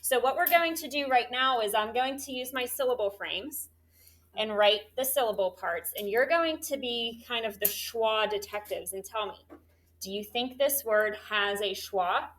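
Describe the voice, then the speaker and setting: Bright, slightly high woman teacher leading a third grade class through coaxing phonics drills. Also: normal speed. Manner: animated, coaxing call-and-response questions.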